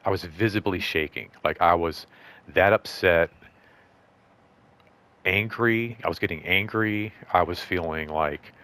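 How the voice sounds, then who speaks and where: A man's voice: low-pitched, a little slow, pauses often, sharp tone. Rambling man telling a work story. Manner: rambling, full of "like" and restarts, acts out both sides of conversations. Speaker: show host. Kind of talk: casual storytelling monologue.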